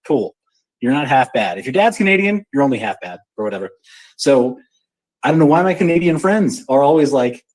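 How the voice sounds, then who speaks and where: A man hosting a casual live audio chat, joking and animated as he talks. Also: medium pitch, fast, poor audio. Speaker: show host.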